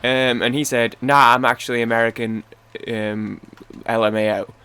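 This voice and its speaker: A medium-pitched male voice, clear and resonant, comes across bright and forceful yet flat in delivery, at a normal speed. The speaker is a young Manchester gaming YouTuber who rambles casually during play, swearing, interrupting himself, and trailing off before finishing his stories.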